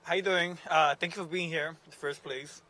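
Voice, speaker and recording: A young man speaking at an outdoor rally as named plaintiff, halting and emotional, moving between English and Spanish. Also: on the high side, steady tone, background noise. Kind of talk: emotional public speech. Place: outdoor rally outside a courthouse.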